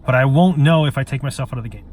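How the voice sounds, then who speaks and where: A man's voice: medium pitch, rapid-fire, a little mellow, slight background noise. A man in an emotional monologue straight to camera, earnest and pleading, stumbling and repeating words and swearing bluntly. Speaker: vlogger.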